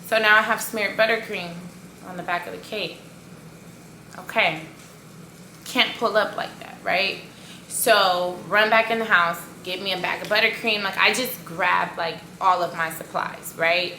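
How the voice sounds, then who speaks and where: A woman's voice: mid-range voice, measured pace, a little hiss or hum. A woman who runs a cake business, telling a story in a casual vlog with lots of fillers and playful sound effects. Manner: animated, filler-heavy retelling with sound effects. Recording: echoey room.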